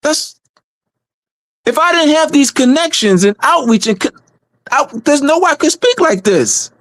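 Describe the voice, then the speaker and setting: A community organizer hosts a meeting on a livestream, speaking off the cuff, emphatically and repetitively, and often stumbling and starting over. His delivery swings from low and calm to raised and shouting, at an unhurried pace in a dry, clean studio recording.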